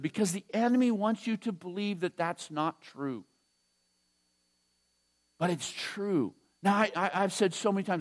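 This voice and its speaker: High-voiced pastor preaching conversationally. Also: male voice. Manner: conversational, halting with restarts and fillers; drops to a soft hush when emotional. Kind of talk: sermon. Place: church.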